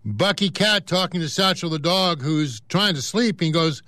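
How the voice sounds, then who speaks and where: Male reader of news and comic strips, casual, with offhand asides, higher voice, dry close sound. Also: moderate pace, few pauses, bright, forceful tone, dry recording. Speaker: newspaper reader. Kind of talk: reading news and comics aloud.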